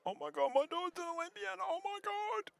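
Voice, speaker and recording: Man doing a proud mum, shrill falsetto, very high, overjoyed. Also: a little fast, creaky, exaggerated voice. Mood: ecstatic. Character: overjoyed proud mother, shrieking with joy.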